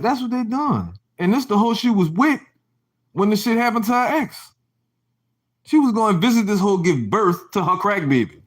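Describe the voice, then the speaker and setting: Guy ranting on his livestream, swearing nonstop, rambly gossip, voice kinda high and jumping all over. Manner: profane, rambling storytelling with frequent restarts; mocking, laughing gossip. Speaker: livestream host. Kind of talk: casual livestream rant.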